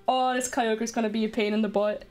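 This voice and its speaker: A woman streaming a game live, excitable and chatty as she talks to her viewers. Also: fairly high pitch, a little fast, soft background music. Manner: excitable, chatty, talking to chat.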